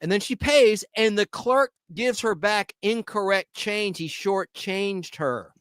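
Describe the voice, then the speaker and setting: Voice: medium pitch, takes it slowly, fairly bright tone, clean tone, no echo. A host telling a rambling anecdote during casual panel chat.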